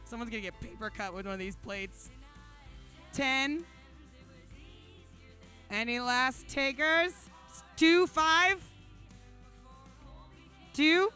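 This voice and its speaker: A woman's voice: high voice, slow pace, pauses often, sharp tone, faint music behind. A woman emceeing a live charity paddle auction, playfully hyping the crowd and calling out the bids. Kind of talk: live event hosting. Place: brewery event stage.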